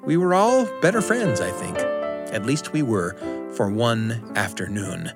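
A man hosting a podcast, telling a personal story in an expressive, playful way. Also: medium pitch, measured pace, music in the background.

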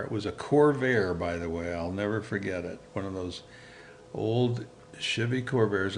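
A man's voice: medium pitch, vocal fry. Older man, storytelling guest, mid-range voice, chuckles often, acts out old conversations, faint noise behind. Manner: animated, chuckling, acts out quoted dialogue. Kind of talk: personal anecdote storytelling.

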